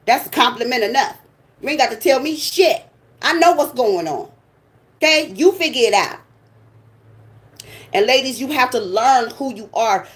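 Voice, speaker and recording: A blunt, sassy woman delivers a profane, fired-up rant straight to her viewers. Her voice sits on the high side, and she sounds like a tarot channel host talking casually to camera. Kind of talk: casual ranting monologue.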